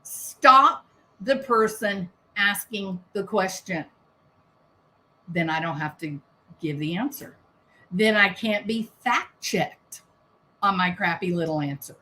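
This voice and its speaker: A woman's voice: medium pitch, lively intonation, slow, pushed and bright. A woman giving sarcastic, indignant commentary on a press conference, firing off rhetorical questions.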